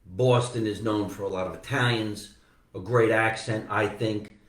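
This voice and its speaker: A fairly low-voiced man with a New Jersey accent, hosting a comedy podcast in a loose, joking way. His voice bounces around an echoey basement room. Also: fairly even intonation, moderate pace, far from the mic. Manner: loud, joking, swearing storyteller. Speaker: podcast host. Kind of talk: casual comedy chat.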